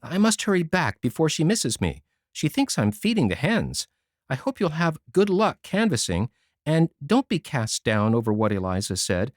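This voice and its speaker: A man reading a storybook voices a timid, cheerful older woman who speaks gently and earnestly. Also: fairly high pitch, very animated, moderate pace, dry recording, clean studio sound. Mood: earnest hope.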